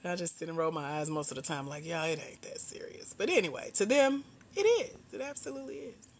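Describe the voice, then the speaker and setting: A woman's voice: medium pitch, sing-song, quick pace, slightly rough. A middle-aged woman from Georgia, hosting a casual livestream chat with viewers. She laughs often and calls her viewers "girl" and "y'all.". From Georgia, US South. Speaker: host.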